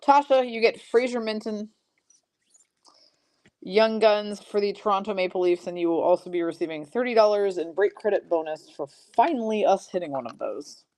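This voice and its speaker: A woman hosting a live-streamed trading card break, briskly calling out each pull and teasing her chat viewers. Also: mid-range voice, a little mellow.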